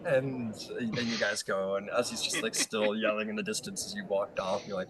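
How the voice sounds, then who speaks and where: A man's voice: fairly low pitch, flat delivery, moderate pace, over a noisy crowd, rough recording. A man narrating as game master, rambling and hedging with lots of fillers.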